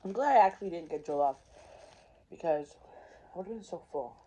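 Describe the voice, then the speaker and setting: A woman chatting casually to the camera while eating, pausing between bites and asking viewers questions. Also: lowish voice, lively intonation, dark tone, slightly rough. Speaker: vlogger. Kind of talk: casual mukbang chat.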